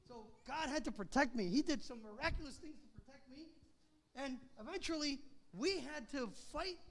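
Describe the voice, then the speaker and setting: A woman playing the prophet Elijah, an older man with a zealous, fiery temper, telling his story to children in a chatty way that swings from hushed to loud. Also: sits high, reverberant. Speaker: costumed Bible character for children. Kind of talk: children's Bible story role-play.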